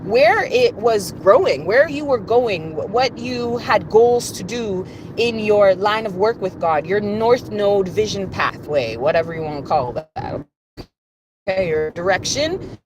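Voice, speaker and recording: A woman's voice: mid-range voice, expressive, a little slow, background noise. A woman giving a conversational, rambling spiritual message, often repeating phrases for emphasis. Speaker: spiritual reader. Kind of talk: spiritual reading monologue.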